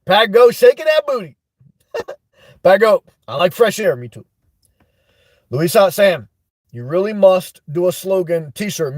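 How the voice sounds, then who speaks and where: Chatty new guy reading out live chat, higher voice, dry close sound. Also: darkish tone, no room sound. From New York. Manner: chatty, laughs often, reads comments aloud. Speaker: livestream host. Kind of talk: live chat shout-outs.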